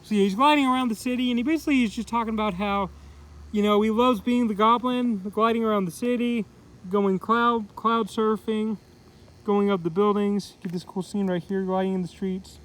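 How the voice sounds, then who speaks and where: High-voiced rambling male comic reviewer. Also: fairly even intonation, normal speed, rough recording. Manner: rambling, many fillers and restarts. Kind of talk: casual unscripted review.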